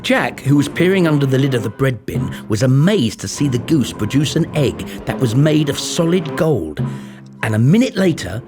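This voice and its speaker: Animated male fairy-tale narrator. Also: medium pitch, normal speed, music in the background. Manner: animated, playful. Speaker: storybook narrator. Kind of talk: expressive storytelling narration.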